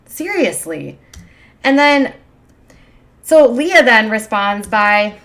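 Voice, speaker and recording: A woman's voice: medium pitch, normal speed, fairly bright tone. A woman hosting a casual livestream who talks in a sarcastic, opinionated way. She rambles through her points with plenty of "um" and "like.". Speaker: gossip commentary streamer.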